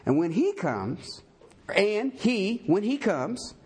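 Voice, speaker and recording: A male pastor preaching a sermon, reading scripture aloud and swinging between loud rising emphasis and low, quiet folksy asides. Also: sing-song, takes it slowly, husky.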